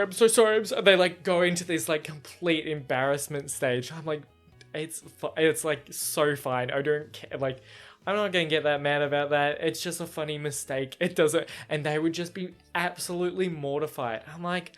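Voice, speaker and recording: Young man, light feminine voice. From Australia. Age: young adult. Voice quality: somewhat feminine voice. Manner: animated storytelling, frequent laughs, jumps into high-pitched acted quotes. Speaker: podcast host. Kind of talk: solo casual podcast chat.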